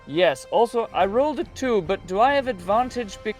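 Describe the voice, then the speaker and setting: Male player, playful and eager, slightly high voice, light music bed. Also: lively intonation, normal speed. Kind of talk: casual tabletop play.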